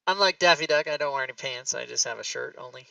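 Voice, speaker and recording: Bright guy playing d&d online, jokey, far off the mic, muffled. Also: medium pitch, quick pace, gravelly, dry recording. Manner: joking, offhand remarks. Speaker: player. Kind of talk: casual tabletop game chat.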